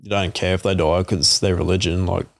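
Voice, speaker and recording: A man's voice: deep voice, level tone, a little fast, vocal fry. A man hosting a podcast, asking informal, chatty questions in a casual interview. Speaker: podcast host.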